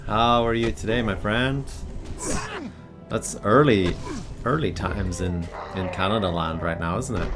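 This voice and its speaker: Over background music, a podcast host with a lowish, slightly slow voice runs a live game stream. He chats casually and jokes playfully with his co-player.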